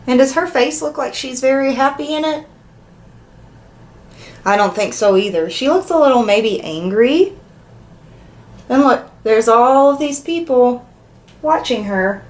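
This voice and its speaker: Lady doing a kids read-aloud, bouncy sing-song voice, kinda high, keeps asking the kids questions. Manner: animated, asks the young listeners questions. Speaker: children's story reader. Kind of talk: interactive read-aloud for children.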